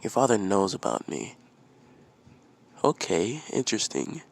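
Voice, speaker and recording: A man voicing an ancient, wise old sage spirit who speaks in a calm, knowing way in a storytelling fan narration. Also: fairly low pitch, a little slow, vocal fry, exaggerated voice.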